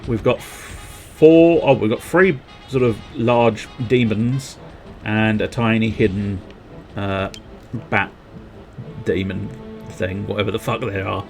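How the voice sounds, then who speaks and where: A man's voice: on the low side, darkish tone, faint music behind. A young man streaming a video game, rambling, joking and reading game text aloud. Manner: rambling, jokey, slow-paced, drifts between reading game text and wordplay. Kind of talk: casual gameplay commentary.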